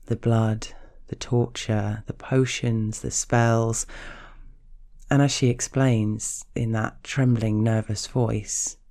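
A man narrating a scripted story in a slow, hushed, measured way. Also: mid-range voice.

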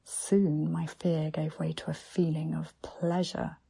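Female storyteller, whispered erotic narration, slow, flat, dark and intimate. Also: sits low. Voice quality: breathy, half-whispered delivery.

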